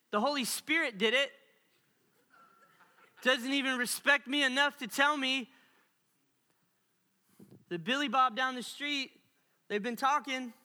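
A preacher voices a young fiancé who feels betrayed and talks through his hurt slowly. The tone is bright and ringing, with a long hall echo behind it. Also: extremely high pitch, full character voice. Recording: long reverb of a large hall.

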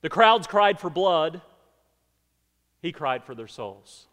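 A man preaching a sermon as pastor, swinging between emphatic outbursts and quiet, dropped phrases. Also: a little high, lively intonation, slow pace, long pauses, in a large hall. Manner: preaching with rising emphatic outbursts and dramatic drops. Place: church sanctuary.

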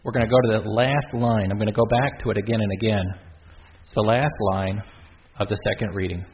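A middle-aged Catholic priest gives a conversational sermon in church, speaking briskly in a lowish, steady voice. He is chatty and keeps interrupting himself with joking asides. The recording is muffled and lo-fi, with faint hiss.

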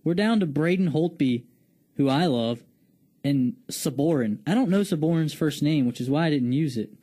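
A man's voice: on the high side, expressive, normal speed, warm tone. A man co-hosting a casual radio show, opinionated and stumbling over his words when eager. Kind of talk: casual radio talk and sports chat.

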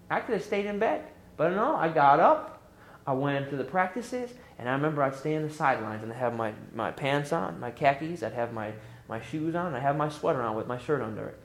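A middle-aged man preaching a sermon as pastor, lively and emphatic, pushing up into high exclamations. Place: church sanctuary. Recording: echoey church room.

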